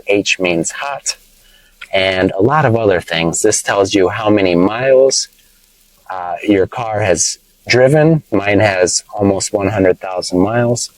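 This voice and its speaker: A man's voice: on the low side, a little mellow, no room sound, rough recording. Playful American man teaching from a car. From United States. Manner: playful, teasing, explains slowly with repetition. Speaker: English teacher vlogger. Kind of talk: casual teaching vlog. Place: inside a parked car. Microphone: phone camera held by his wife.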